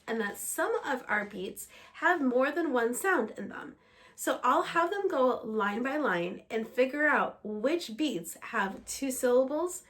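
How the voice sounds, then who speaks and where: Woman, music teacher, steady explanatory delivery, fairly high voice, a little under the weather. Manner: explanatory, steady, breaks into short sung examples.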